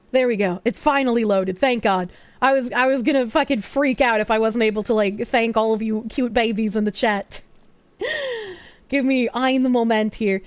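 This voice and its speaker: A woman streamer chatting casually to her viewers, excitable and swearing freely as she reads and answers chat. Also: on the high side, normal speed, no echo.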